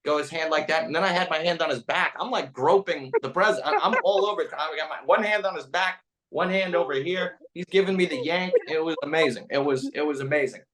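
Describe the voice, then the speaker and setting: Animated male comedian telling a story. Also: on the high side, fast, few pauses, background noise. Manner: animated, acts out quotes with voices. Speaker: comedian and podcast guest. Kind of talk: casual storytelling.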